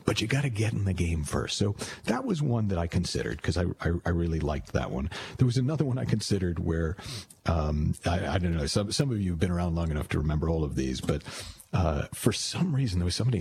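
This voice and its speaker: A man's voice: sits low, very animated, fast, gravelly, a little mellow, slight background noise. A man, a radio show host, telling stories in a rambling, casual way with many restarts. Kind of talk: casual storytelling.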